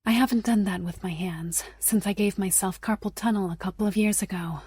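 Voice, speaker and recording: A woman narrator voicing a free-spirited young witch in an audiobook, talking quick and indignant. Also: medium pitch, fairly even intonation, a little mellow, husky, no room sound, studio quality, close to an everyday voice. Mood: flustered.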